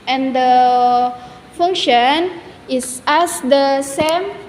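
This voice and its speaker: High, slow-spoken young woman presenting. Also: darkish tone. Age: young adult. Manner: careful, halting delivery with restarts. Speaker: student presenter. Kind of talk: classroom presentation. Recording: echoey hall, faint background noise.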